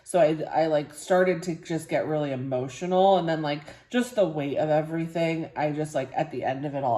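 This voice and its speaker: A young woman with a low voice talks casually in a personal vlog, rambling with lots of filler words. She sounds tired and a bit sore, soft and emotional. The room is echoey. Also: brisk, hardly any pauses. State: tired and sore after a procedure. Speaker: vlogger.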